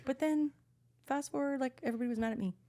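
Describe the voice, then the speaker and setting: A woman podcast co-host telling stories in casual chat, animated and swearing, acting out quotes. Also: high-pitched, fast talker.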